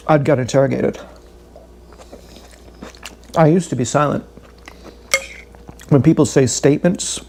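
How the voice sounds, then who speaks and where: A man's voice: medium pitch, darkish tone, slight background noise. A man telling a long, candid, swearing story about his day in a rambling vlog. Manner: swearing, candid, self-deprecating, repeats himself. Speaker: vlogger.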